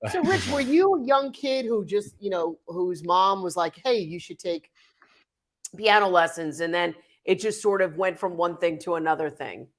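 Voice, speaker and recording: A woman's voice: fairly low pitch, expressive, moderate pace. A woman co-hosting a talk show, bubbly and laughing often as she asks questions. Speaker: co-host. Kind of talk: casual talk show chat.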